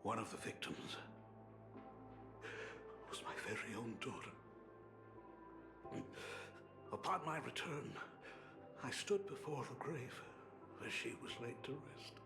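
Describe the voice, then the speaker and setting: A man's voice: medium pitch, animated, unhurried, long pauses. An actor playing a teasing older male painter who is an estranged father, with a playful, chuckling manner. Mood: grave. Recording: echoey game audio with loud music.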